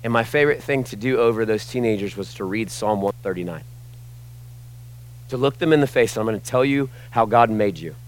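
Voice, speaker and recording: A man preaching a sermon as pastor, impassioned, swinging between loud emphasis and hushed asides. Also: on the low side, fairly quick, low-quality recording.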